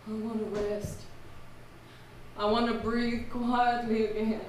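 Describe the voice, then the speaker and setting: An actress plays a fragile, vain woman past thirty who is clinging to her fading charm. The voice is high and fluttery, pleading and theatrical, and it rings through a big echoing hall from a distant mic. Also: flat delivery, slow. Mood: anxious. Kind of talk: live stage play acting. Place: theater stage. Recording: echoey hall, far mic, faint noise.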